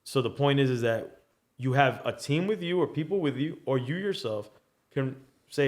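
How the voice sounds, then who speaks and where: A man of middle pitch talks as a guest in a casual podcast interview. He is laid-back and loose, swearing freely as he explains how his show works. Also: normal speed.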